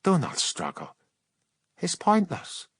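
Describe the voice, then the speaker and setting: Narrator doing a cold, slow, strange-accented warrior-witch; low menace, dry close sound. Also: huge pitch swings, slightly rough, dry recording, heavily acted.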